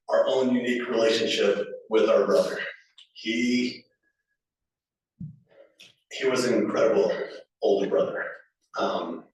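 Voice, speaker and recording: A man's voice: on the low side, a little hiss or hum. A man giving a funeral eulogy for a family member, telling casual anecdotes with fillers and restarts and chuckling between stories. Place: funeral home chapel. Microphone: distant from the recording microphone. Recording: echoey room recorded from far off.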